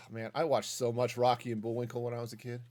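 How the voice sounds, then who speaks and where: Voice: medium pitch, monotone, fast, darkish tone. A streamer casually thinking aloud while building in a game, reading and answering chat as they go. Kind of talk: casual gaming stream commentary.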